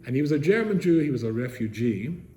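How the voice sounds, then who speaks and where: An older man from England, a rabbi telling stories to seminary students, animated, with rhetorical questions, swinging from loud to soft. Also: medium pitch, fast. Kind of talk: storytelling talk to students. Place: seminary room, indoors. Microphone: camera he set up himself. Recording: echoey room with faint noise.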